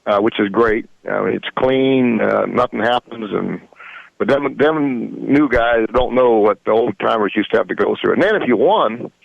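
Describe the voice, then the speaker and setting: Older man, gravelly fry, folksy chuckling storyteller, dull lo-fi radio sound. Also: medium pitch, normal speed, no room sound. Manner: rambling, chuckling, folksy grammar. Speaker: guest. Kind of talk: casual storytelling.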